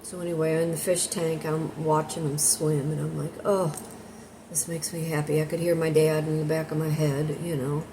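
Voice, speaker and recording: A woman's voice: low voice, little pitch movement, brisk, hardly any pauses. A woman telling a rambling, chatty story in a casual vlog. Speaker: content creator. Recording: noisy background hiss.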